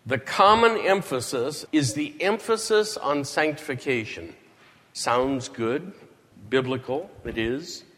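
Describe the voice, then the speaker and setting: A man lecturing deliberately at a conference, in a clip played on the radio. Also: mid-range voice, expressive, fairly bright tone. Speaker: conference speaker. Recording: long hall reverb.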